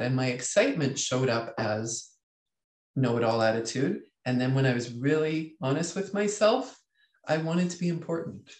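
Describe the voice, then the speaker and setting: Male coach, webinar host, lively, reads chat aloud, echoey room. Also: mid-range voice, moderate pace. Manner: lively, reads out chat comments, acts out inner voices. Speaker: leadership coach. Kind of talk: webinar teaching.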